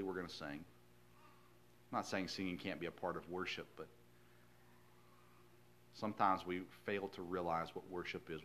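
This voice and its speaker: A male pastor preaching a sermon in a folksy, earnest storytelling way, swinging from hushed lines to loud emphasis. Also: low-pitched, slight background noise.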